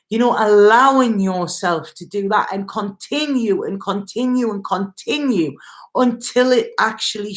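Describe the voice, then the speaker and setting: Chatty woman giving a tarot reading. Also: medium pitch. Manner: chatty, repetitive, reassuring; addresses viewer directly. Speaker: tarot reader.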